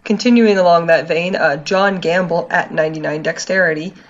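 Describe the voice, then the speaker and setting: A woman co-hosting a casual podcast, upbeat and quick to chime in, reading listener mail aloud. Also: lowish voice, dull audio. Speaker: podcast co-host.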